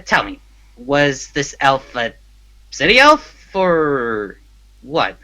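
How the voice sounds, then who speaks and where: A man's voice: medium pitch, very animated, drawn-out words, bright, forceful tone, exaggerated voice, poor audio. A man voicing a sarcastic, jealous male prisoner with a mocking way of talking.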